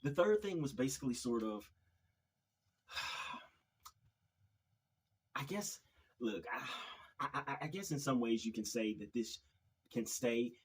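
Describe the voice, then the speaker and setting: A man's voice: medium pitch, animated, slow pace, pauses often, breathy edge, rough recording. A man hosting his own video channel, giving an opinion monologue in a hesitant way, often repeating words and sighing. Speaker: video commentary host.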